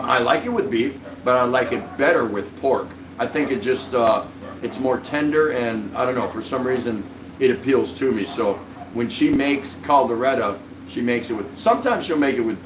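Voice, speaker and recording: A man's voice: mid-range voice, lively intonation, normal speed, far from the mic, noisy background. Man, casual live-stream host, friendly and rambling, roomy echo, set back from the mic. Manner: friendly, rambling, greets viewers by name. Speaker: livestream vlog host.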